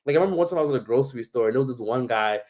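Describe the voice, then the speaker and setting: A man tells a story in a loose, rambling style, filling his talk with fillers and swearing. His voice sits at a medium pitch. He speaks casually, as a travel vlogger. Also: animated, rapid-fire, a little mellow. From United States. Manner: rambling, heavy on fillers and profanity.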